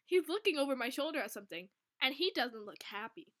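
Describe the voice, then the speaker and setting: A woman reading an old fanfic aloud, giggly and animated, often stumbling over words. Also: sits high, quick pace. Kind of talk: reading aloud between banter.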